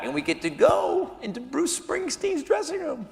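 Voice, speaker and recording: A man telling a self-mocking story as a stand-up comedian, animated and jumping into acted quotes. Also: very high voice, moderate pace, creaky. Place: comedy venue with live audience. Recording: live room with reverb and audience noise.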